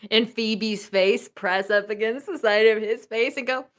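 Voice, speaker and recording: A woman's voice: on the high side, unhurried, a bit bright. A woman playing a tabletop game who describes her character's antics playfully, giggling often. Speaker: player. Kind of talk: tabletop role-play narration.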